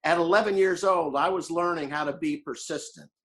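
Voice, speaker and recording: An older man from Florida, a podcast guest telling animated stories and acting out the people he quotes. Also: fairly high pitch, brisk. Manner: animated storyteller who acts out quotes. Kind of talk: casual storytelling chat.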